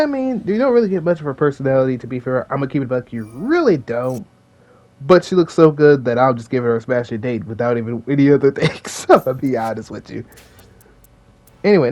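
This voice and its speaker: A man's voice: medium pitch, darkish tone. A young man hosting a casual commentary video, rambling with slang and lots of fillers. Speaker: video host.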